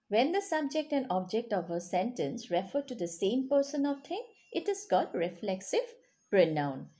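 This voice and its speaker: A woman's voice: fairly high pitch, mellow. A woman teaching a grammar lesson to children, explaining patiently and checking in with questions. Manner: explains patiently, checks in with rising "yes?" and "okay?".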